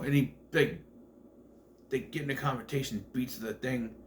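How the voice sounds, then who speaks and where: A man's voice: medium pitch, moderate pace, a little hiss or hum. A man giving a casual, rambling film commentary, full of fillers and restarts. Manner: rambling, filler-heavy, self-correcting. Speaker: film reviewer.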